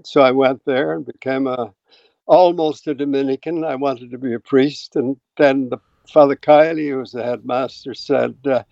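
Older man, from Ireland, eighties, mellow dark voice, rambling anecdotes, dry muffled recording. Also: mid-range voice, fairly even intonation, moderate pace, no echo. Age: 80s. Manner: rambling, anecdotal, frequent ums and throat clearing. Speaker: guest scientist. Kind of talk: relaxed storytelling.

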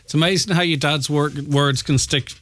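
A man's voice: on the high side, fairly even intonation, normal speed, a bit bright, no room sound. A man hosting a casual radio interview, chatty and prompting his guest with his own thoughts. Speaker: radio host.

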